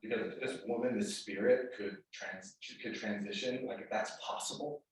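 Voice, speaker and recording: A man with a somewhat low voice gives a spoken tribute at a memorial, pausing and restarting his sentences often. He is picked up from far off, and the hall rings with heavy echo. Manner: halting, many restarts and fillers. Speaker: memorial speaker. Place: spiritual center hall. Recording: echoey hall, mic from far off.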